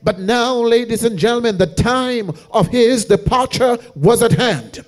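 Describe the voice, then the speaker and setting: A male evangelist preaching a revival sermon in a church, calling out to the congregation again and again and building from hushed passages to shouted, half-sung peaks. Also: very high-pitched, unhurried. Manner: rhythmic preaching with repeated call-outs to the congregation; swings from hushed storytelling to shouted, sung-out climaxes.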